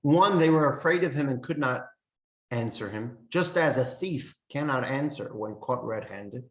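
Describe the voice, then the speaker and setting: A man's voice: medium pitch, lively intonation, moderate pace, a bit bright. A man teaching a Torah lesson in an earnest, explanatory sermon style, quoting texts and commentators as he goes. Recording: echoey room.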